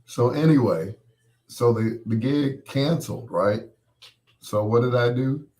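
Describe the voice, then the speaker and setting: A middle-aged man with a medium-pitched, mellow voice hosts his live stream at an unhurried pace. His voice is still coming back after he was sick, and he chats casually with viewers, joking and rambling as he talks right to them.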